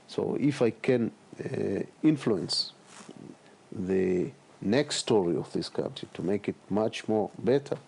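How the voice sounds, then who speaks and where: Halting middle-aged man. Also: on the low side, animated, gravelly, darkish tone, a little hiss or hum. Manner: halting, many fillers and repeated words. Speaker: politician guest. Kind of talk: interview answers.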